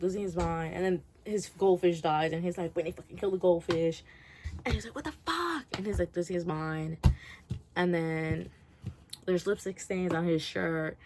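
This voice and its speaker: A woman's voice: on the low side, noisy background. A woman giving a casual, rambling rant review, swearing freely and laughing often. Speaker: book reviewer.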